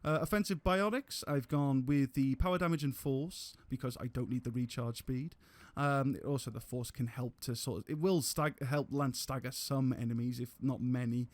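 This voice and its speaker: A man's voice: mid-range voice, normal speed, few pauses, dry recording. A man giving casual gameplay commentary on a live stream, rambling with restarts and casual swearing.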